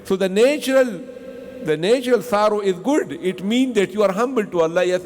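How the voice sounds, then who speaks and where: A man's voice: sits high, lively intonation, fairly quick, darkish tone, in a large hall. A man teaching a mosque tafseer lesson in non-native English with Arabic terms, who asks the class questions and answers them himself and often repeats himself. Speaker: Quran teacher.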